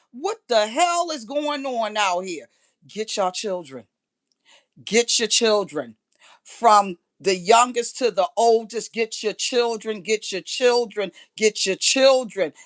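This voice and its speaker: A middle-aged woman goes on a blunt, profane rant during a live stream, repeating phrases to hammer her points home. Her voice is high with a fairly bright tone.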